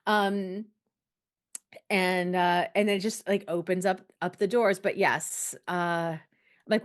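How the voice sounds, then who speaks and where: A woman guest on a podcast, chatting casually and acting out the people in her stories with lively voices. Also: on the low side, slow. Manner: animated storyteller, acts out quoted voices. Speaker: podcast guest, holistic success coach. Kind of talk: casual interview chat.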